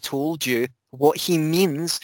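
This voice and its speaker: A man's voice: fairly high pitch, dry recording. A man hosting a podcast, reading a text aloud and chatting in a playful, jokey way. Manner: playful, jokey, quick to go off on tangents. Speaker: podcast host. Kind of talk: casual chat about philosophy readings.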